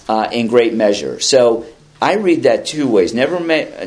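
This man in his fifties speaks in a medium-pitched, expressive voice at a normal speed. In a meeting room at a recovery meeting, he gives a casual share, reading passages out and then commenting on them in a rambling, conversational style laced with dry self-mockery.

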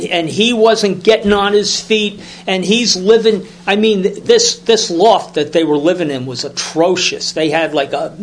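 A man's voice: sits high, slight background noise. A man telling a story at a recovery meeting in casual, rambling talk, repeating words and acting out voices as he goes.

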